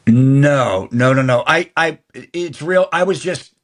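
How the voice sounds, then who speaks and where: An older man, a guest actor, telling long stories in an interview, talking fast and restarting phrases as he goes. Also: medium pitch. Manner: fast, rambling talker who restarts mid-phrase. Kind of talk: anecdotal interview storytelling.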